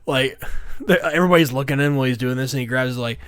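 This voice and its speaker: A man's voice: medium pitch, rapid-fire, clear, resonant tone, dry recording, studio quality. A man co-hosting a casual movie review podcast, chatty and laughing often, with a lot of filler words. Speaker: podcast co-host.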